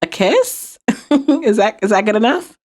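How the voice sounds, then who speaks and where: A woman's voice: fairly high pitch, sing-song, measured pace, a little mellow. A woman voicing a nervous, flustered young woman inmate who hesitates as she speaks.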